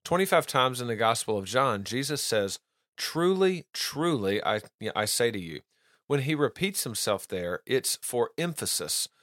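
A man's voice: medium pitch, animated, moderate pace, sharp tone, no echo. Earnest man teaching doctrine, dry sound. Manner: earnest, restarts and repeats words, reads quotes aloud. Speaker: podcast host teaching doctrine. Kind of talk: casual teaching monologue.

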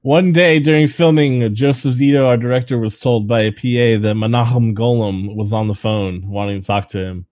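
A man's voice: medium pitch, steady tone, moderate pace, hardly any pauses, a little mellow, dry recording. A man co-hosting a casual movie-review podcast, sharing trivia with profanity and frequent laughter. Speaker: podcast co-host.

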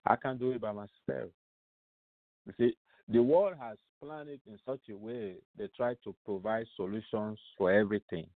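A man's voice: lowish voice, moderate pace, no room sound. A man preaching on a call-in radio show, his voice coming through a thin, narrow phone line with a dry, close sound. He presses his points emphatically, repeats his phrases and keeps asking rhetorical questions.

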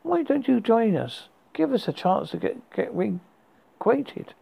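A husky man reading a friendly middle-aged man who keeps chatting eagerly with an old classmate. The voice is gravelly and mellow. He speaks in a storybook reading. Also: very high voice, sing-song, slow, pitched above the performer's own voice, heavily acted.

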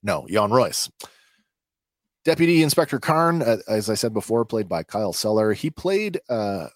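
A man's voice: lowish voice, very animated, normal speed, dry recording, studio quality. A man hosting a podcast, casually recapping a TV episode in a hesitant, chatty way with many filler sounds. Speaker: podcast host.

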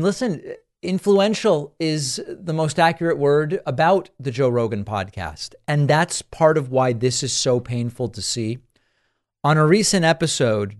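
A man hosting a political talk show, giving emphatic, exasperated commentary and searching aloud for the right words. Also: medium pitch.

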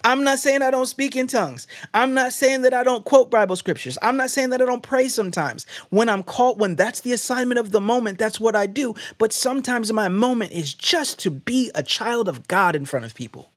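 A man hosting a faith podcast, preaching in an emphatic, animated, conversational way. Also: very high-pitched, brisk, few pauses, no echo, studio quality. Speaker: podcast host.

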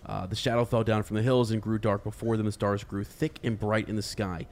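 A man's voice: on the low side, level tone, fairly quick, darkish tone. A man in a casual book discussion who teases, laughs easily and reads passages aloud with many fillers.

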